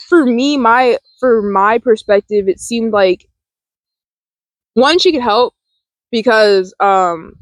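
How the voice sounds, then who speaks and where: Woman, 20s, casual vlogger, mid-pitched, rambling and laughing, dry close-miked sound. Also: no room sound, rough recording. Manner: rambling, many fillers and restarts, laughs often. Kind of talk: casual film discussion. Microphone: close desk mic.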